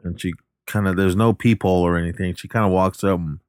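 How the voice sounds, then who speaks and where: A man's voice: deep voice, steady tone, fast, a little mellow, clear, resonant tone, no echo, studio quality. A man casually retelling a film plot, rambling, backtracking to correct himself and briefly acting out the characters' lines. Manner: acts out the characters' lines in passing.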